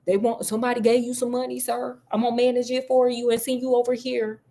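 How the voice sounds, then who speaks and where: A woman's voice: on the high side, level tone, fast talker, dark tone, close to an everyday voice. A woman voicing a stern male lawyer who lays down terms curtly, in a casually retold story.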